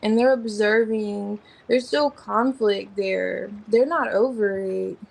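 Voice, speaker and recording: Gravelly-voiced woman reading tarot. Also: medium pitch, takes it slowly, a little mellow, low-quality recording. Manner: rambling, thinking aloud while naming cards; informal, slangy talk. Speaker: tarot reader.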